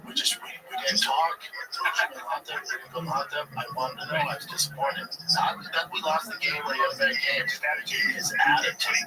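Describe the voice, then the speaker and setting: A man's voice: a little high, normal speed, very noisy. A man co-hosting a podcast, telling stories in casual, profane chat. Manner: profane, animated storytelling. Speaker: podcast co-host. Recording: distant mic, loud music behind.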